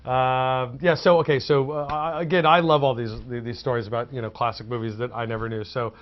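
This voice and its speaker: A man's voice: mid-range voice, fairly even intonation, brisk. A man hosting a chat show, asking questions in a loose, chatty way. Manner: loose and chatty, full of fillers and laughs. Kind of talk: casual interview chat. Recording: muffled lo-fi audio.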